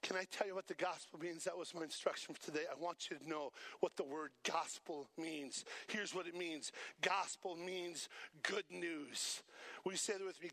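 A man preaching a sermon as pastor, animated and asking the congregation to repeat lines after him. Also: sits high, moderate pace, dry recording.

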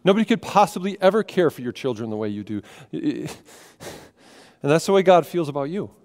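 A man preaching a sermon as pastor, moving between hushed, intimate passages and loud, emphatic ones. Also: fairly high pitch, big pitch swings, brisk. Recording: long hall reverb.

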